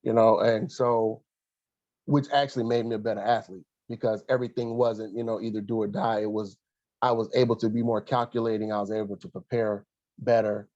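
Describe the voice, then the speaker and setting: A man recalling his past in an interview, earnest and halting, pausing often with fillers and restarts. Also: fairly low pitch, steady tone, a little mellow, dry recording, lo-fi sound. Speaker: guest, former college athlete and coach. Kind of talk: reflective interview storytelling.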